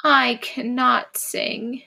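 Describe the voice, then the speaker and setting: A woman voicing a hoarse, sad little male frog from a children's storybook, speaking slowly and gloomily. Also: sits high, animated, bright, forceful tone, pitched above the performer's own voice, heavily acted. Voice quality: croaky.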